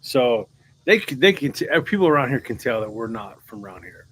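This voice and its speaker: A man's voice: mid-range voice, big pitch swings, a little fast, fairly bright tone, husky, poor audio. Joking co-host, a man with a light Southern drawl and a surfer edge. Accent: mild Southern US mixed with Californian surfer. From American South. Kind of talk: casual live chat.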